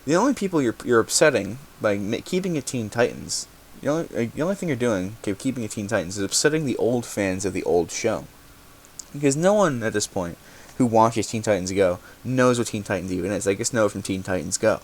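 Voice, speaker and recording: A man's voice: on the low side, expressive, a little fast. A young man hosting a podcast segment, talking casually and rambling, often correcting himself and swearing now and then. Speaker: podcast host.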